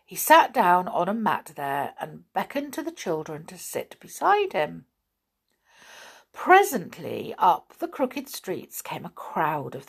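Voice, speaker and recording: A woman narrating a children's storybook in a gentle, even storytelling manner. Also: lowish voice, vocal fry, slightly rough.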